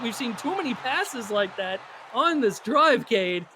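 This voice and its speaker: A man with a high, bright voice calls a football game play by play. He gets excitable and jumps up on tipped passes. There is faint background hiss under him. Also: normal speed, few pauses. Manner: excitable, rises sharply on big plays. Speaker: play-by-play announcer. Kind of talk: live esports football commentary.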